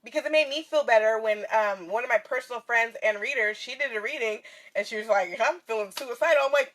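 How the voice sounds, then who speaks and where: A woman's voice: high-pitched, quick pace, hardly any pauses, a bit bright. A woman vlogger and spiritual reader talking candidly and tearfully to her viewers, swearing freely and laughing often. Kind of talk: casual heartfelt livestream talk. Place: in her van in bright sunlight.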